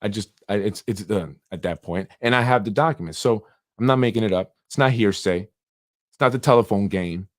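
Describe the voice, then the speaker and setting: A man's voice: lowish voice, normal speed. A man, the host of a local political show, talking in a fired-up, blunt and rambling way. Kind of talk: heated political commentary.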